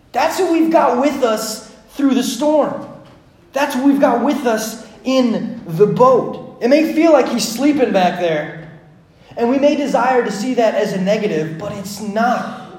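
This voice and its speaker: Male pastor, thirties, higher voice, sermon that drops soft then builds lively. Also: normal speed, reverberant. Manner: swings from hushed to animated storytelling.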